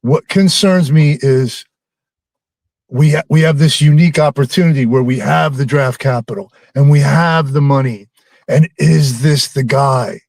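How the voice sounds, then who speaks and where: A man's voice: mid-range voice, measured pace, gravelly, darkish tone, dry recording. A man calling in to a sports show, rambling and teasing, with plenty of ums. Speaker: caller. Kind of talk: phone-in chat with a host.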